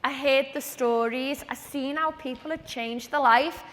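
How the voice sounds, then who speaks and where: A woman with a high, bright voice tells her own story to an event audience in a motivational talk. She chats along and acts out the conversations she remembers. Her voice rings through an echoey large hall from a stage microphone. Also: unhurried. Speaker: speaker at a training event. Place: event venue with a live audience.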